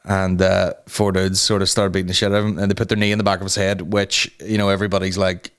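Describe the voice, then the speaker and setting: A man's voice: low-pitched, level tone, quick pace, hardly any pauses, smooth. A man hosting a comedy podcast, ranting heatedly with lots of swearing and restarts. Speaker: podcast host.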